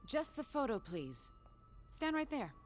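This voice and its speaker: A guarded auction host. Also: female voice, high voice, big pitch swings, a little slow, soft background music. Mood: evasive. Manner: formal and guarded, deflecting questions. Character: evasive female auction house host, polished and nervous. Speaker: game character. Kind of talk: video game voice acting.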